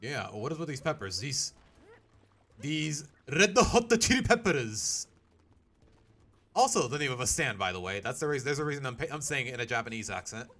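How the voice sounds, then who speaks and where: A man thinks aloud as he plays, with a bright, forward tone and a very lively pitch. He rambles and makes fun of his own mistakes in a loose let's play style. Faint game music plays underneath. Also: rapid-fire, hardly any pauses. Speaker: gaming streamer.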